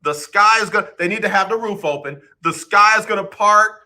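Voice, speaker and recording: Bright-voiced playful radio host, a man. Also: sits high, brisk. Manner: playful, teasing, chatty, addresses listeners directly. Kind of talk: casual sports radio talk.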